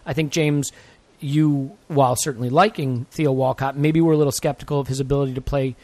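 A man's voice: medium pitch, fairly even intonation, a little fast, darkish tone, no room sound. A man co-hosting a football podcast in casual chat, playful and jokey. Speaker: podcast co-host.

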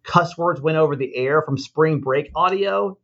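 Radio host dude, bit higher voice, muffled lo-fi sound, explains stuff. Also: male voice, measured pace, fairly bright tone. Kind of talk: casual storytelling chat.

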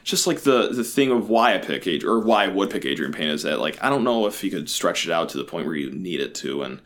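A man with a lowish voice talks sports on a podcast in loose, casual chat. He is animated and pokes fun at himself, his voice leaping high then dropping back down. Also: fast talker. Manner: animated and self-mocking, with big pitch swings. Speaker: podcast co-host.

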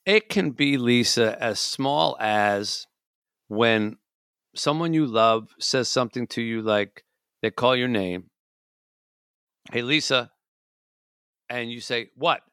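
A man co-hosts a casual talk show with a bright, forward tone. He tells stories in an animated way and jumps into exaggerated quoted voices. The sound is dry and close. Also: medium pitch, slow pace, clear, resonant tone, dry recording. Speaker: co-host.

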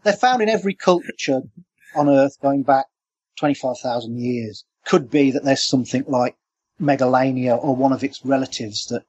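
A man, a cryptozoologist guest, telling stories in an animated, anecdotal way during an interview. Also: medium pitch, moderate pace, slightly rough, no room sound. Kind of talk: storytelling interview. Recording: dull lo-fi remote line.

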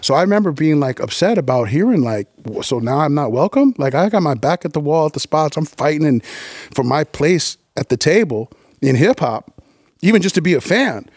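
A middle-aged man from New York telling stories as a podcast guest, animated and profane, with quick restarts and acted-out quotes. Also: on the high side, no echo, clean studio sound. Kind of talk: casual interview storytelling.

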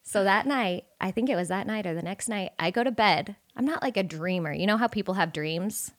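A woman in her thirties, a podcast guest telling a personal story in a candid, animated way, swearing freely. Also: medium pitch, brisk. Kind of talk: casual storytelling.

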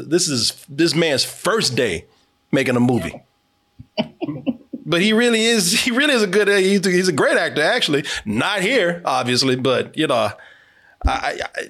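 Male podcast host, slightly high voice, animated and joking, swears freely while riffing on a film. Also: husky. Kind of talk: casual movie commentary.

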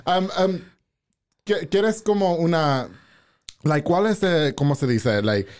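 A man's voice: a little high, animated, a little slow, darkish tone, clear, resonant tone. A man hosting a podcast interview, chatting casually and switching between English and Spanish, laughing often. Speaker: podcast host.

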